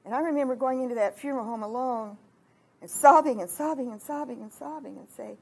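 A woman in her sixties from Kansas giving a heartfelt testimony sermon at a retreat, moving between hushed and emphatic delivery. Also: a little high, quick pace, creaky, breathy edge. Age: 60s. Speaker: retreat speaker.

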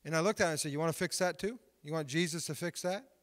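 A man preaching in a church, retelling stories with rising excitement. His voice sits fairly high. It rings with the long reverb of a large hall. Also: rapid-fire. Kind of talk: sermon testimony storytelling.

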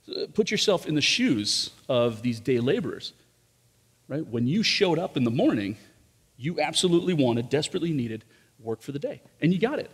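A pastor with a fairly high, sing-song voice and a breathy edge preaches at normal speed in a large church room. Conversational and full of rhetorical questions, his sermon includes many asides to the congregation, echoing with long hall reverb.

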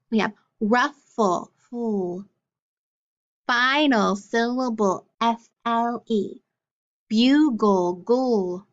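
A woman teaches young children their letter sounds, speaking slowly and clearly with encouraging praise. Her voice sits a little high. The recording sounds dull and lo-fi. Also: fairly bright tone. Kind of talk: phonics lesson for young children.

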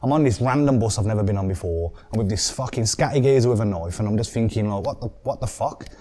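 A young man with a Birmingham accent, a podcast guest telling a story in an animated way, swearing often and acting out what people said. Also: fairly low pitch, quick pace. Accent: Birmingham English. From England.

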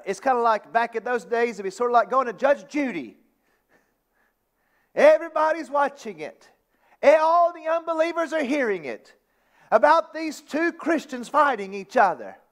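Male pastor preaching, very high voice, emphatic repetition, reads old-style scripture. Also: lively intonation, unhurried. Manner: reads scripture in King James wording. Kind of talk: sermon. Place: church sanctuary.

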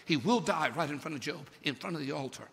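A man preaching a sermon, retelling a story theatrically, swinging between shouted peaks and hushed lows. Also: lively intonation, fast, creaky. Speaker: pastor. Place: large church sanctuary. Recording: long hall reverb from a church service.

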